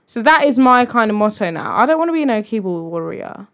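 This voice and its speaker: A woman co-hosting a casual chat podcast, playful and jokey in quick banter. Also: fairly high pitch, very animated, fairly bright tone. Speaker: podcast co-host.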